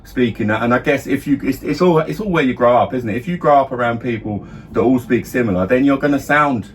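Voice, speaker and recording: A man's voice: mid-range voice, quick pace, a little hiss or hum. A middle-aged man from around London talks in his own plain London accent, with a mid-range voice. He rambles through casual podcast chat, restarting sentences and checking in with "do you know what I mean". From London area, England. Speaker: podcast co-host, father.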